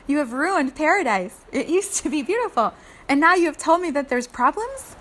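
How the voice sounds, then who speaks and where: A woman voicing an indignant first man who loudly blames his partner. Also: sits high, very animated, moderate pace, pitched above the performer's own voice. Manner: loud, accusing.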